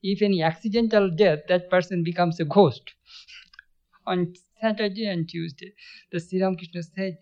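A man's voice: high voice, moderate pace, a little mellow. Man giving a spiritual talk, lo-fi. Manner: storytelling, chants verses, chuckles often. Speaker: spiritual teacher. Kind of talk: spiritual lecture. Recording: dull lo-fi recording.

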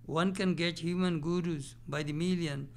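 A man reading scripture passages aloud and explaining them, laughing often and acting out the people he quotes in a louder voice. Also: fairly high pitch, steady tone, moderate pace. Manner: acts out quoted speakers in a raised voice. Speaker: spiritual teacher.

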